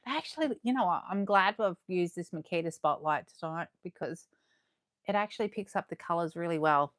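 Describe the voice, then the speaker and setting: A woman chatting excitedly to viewers as she unboxes collectibles live, her voice going a little hoarse. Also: on the low side, a little fast, dry recording, studio quality. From Australia. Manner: chatty and excitable, gasping and laughing, talking to viewers. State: losing her voice. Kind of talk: casual live unboxing chat.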